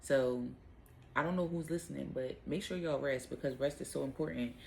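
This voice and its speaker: Woman with a gravelly, creaky voice. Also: extremely low pitch, normal speed, a little hiss or hum, low-quality recording. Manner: relaxed, rambling, heavy use of fillers like "um" and "like". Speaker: Bible talk host. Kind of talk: casual devotional talk.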